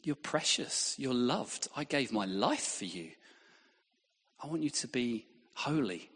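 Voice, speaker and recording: A man preaching, voicing heaven as a gentle, pleading male voice that speaks tenderly to the listener. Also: mid-range voice, animated, takes it slowly, husky, full character voice. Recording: long hall reverb.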